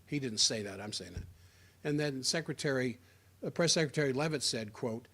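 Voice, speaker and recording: A man's voice: mid-range voice, lively intonation, fairly quick, fairly bright tone. A man giving a sarcastic, rambling political opinion monologue, often restarting his sentences. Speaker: political commentator.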